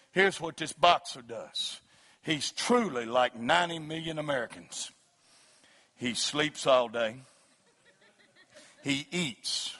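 A middle-aged man preaching a sermon, rising into loud shouted passages and then telling joking stories about his family and dog. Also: medium pitch. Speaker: pastor. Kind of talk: sermon with humorous storytelling.

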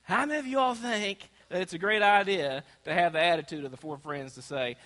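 A man's voice: sits high, a little fast, few pauses, sharp tone. A man preaching a sermon in a church, asking the congregation to call out answers. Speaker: pastor. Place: church sanctuary. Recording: long church hall reverb.

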